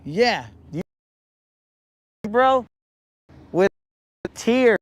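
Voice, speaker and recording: A man's voice: high-pitched, lively intonation, takes it slowly, long pauses. A young adult man hosting a podcast, chatting casually and jokingly in heavy slang, calling everyone bro and dog. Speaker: podcast host. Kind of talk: casual chat.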